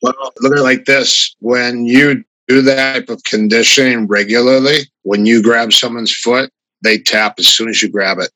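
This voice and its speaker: Bright-toned man telling stories. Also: medium pitch, normal speed, no echo, rough recording. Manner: animated, raises his voice when quoting others. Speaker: martial arts guest. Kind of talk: casual anecdotal storytelling.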